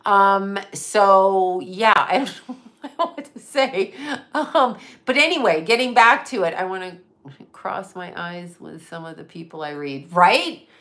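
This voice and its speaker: A woman's voice: medium pitch, lively intonation, slow, fairly bright tone. A middle-aged woman, a psychic medium, ranting in casual livestream chat, swearing and laughing often. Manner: profane, ranting and laughing a lot.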